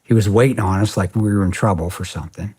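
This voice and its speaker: A man in his forties tells a story as a podcast guest. His low, husky voice stays blunt and profane, and he keeps acting out what people said. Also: quick pace. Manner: profane, blunt, animated retelling with quoted dialogue. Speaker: podcast guest, former security contractor. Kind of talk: storytelling in a casual interview.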